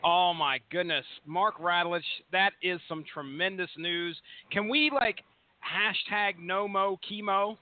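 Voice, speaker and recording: A man co-hosting a casual podcast, excitable and swearing, laughing often. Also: high voice, measured pace. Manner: excitable, profane, laughs a lot. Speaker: podcast co-host. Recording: phone-like band.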